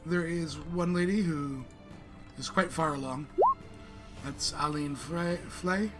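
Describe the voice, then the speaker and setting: A man narrating a tabletop game as its game master, in a measured way with some hesitation. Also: a little high, over music.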